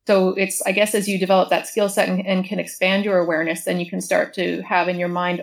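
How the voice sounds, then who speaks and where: A woman's voice: lowish voice, little pitch movement, creaky, low-quality recording. A woman in a casual panel discussion, reflecting aloud and restarting her sentences as she thinks. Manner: reflective, halting, many restarts.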